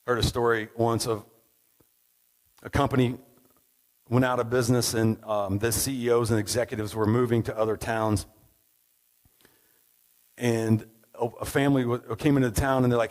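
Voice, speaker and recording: A man's voice: medium pitch, flat delivery, normal speed, long pauses, poor audio. A man preaching a sermon in a conversational, storytelling way, often checking in with "right?". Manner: conversational, tag questions, storytelling.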